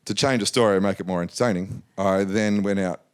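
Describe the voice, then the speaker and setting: Businessman guest in his forties from Australia, low voice, animated anecdotal delivery. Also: fast talker, smooth. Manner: animated anecdotal, acts out quotes. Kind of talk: casual storytelling interview.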